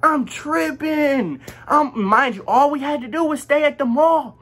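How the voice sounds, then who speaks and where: A young man in his teens telling a casual storytime vlog, animated and slangy, acting out what everyone said. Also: very high voice, normal speed. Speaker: vlogger.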